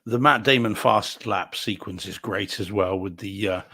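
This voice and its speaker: A man co-hosting a podcast in casual chat, relaxed and measured, laughing often. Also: lowish voice, slightly rough. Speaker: podcast co-host.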